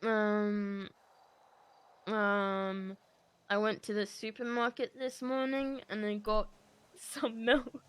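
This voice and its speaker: A young woman chatting casually in a roleplay game, teasing and quick to giggle. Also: mid-range voice, little pitch movement, fairly bright tone, clean tone. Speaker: roleplay player. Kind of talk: casual in-character roleplay chat.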